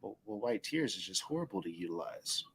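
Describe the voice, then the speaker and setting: A man's voice: on the low side, a little fast, husky. A man co-hosting an internet radio talk show, telling stories with lots of acted-out dialogue and laughter. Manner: animated storytelling, acts out dialogue, laughs often. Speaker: co-host. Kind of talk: casual talk-show banter.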